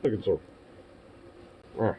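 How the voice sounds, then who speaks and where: A young man chatting affectionately with his dog in teasing baby talk, often yelping up high and laughing. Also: slow, highs cut off, slight background noise. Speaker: vlogger. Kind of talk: casual talk to a pet dog.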